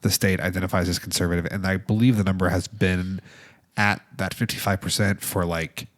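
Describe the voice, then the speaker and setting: A man's voice: sits low, little pitch movement, fairly quick. A man co-hosting a podcast who chats casually about politics and quizzes his partner with numbers and facts. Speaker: podcast co-host.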